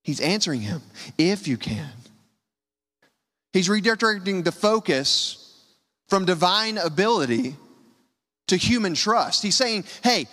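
Man preaching, slightly high voice, dynamic, hushed to loud, long church hall reverb. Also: very animated, a little slow, pauses often. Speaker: pastor. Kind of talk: sermon.

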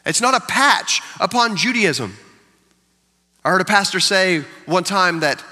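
A male pastor preaching an emphatic sermon who repeats key lines for weight. His voice is fairly high, bright and lively, swinging widely in pitch. A long hall reverb carries through the sanctuary. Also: measured pace.

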